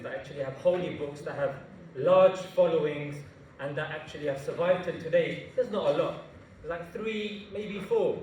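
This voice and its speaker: High-pitched man in an echoey hall. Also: slight background noise. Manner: animated, jokey, slangy storytelling. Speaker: invited speaker. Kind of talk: public talk to students. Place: large university hall. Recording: echoey hall, mic far off.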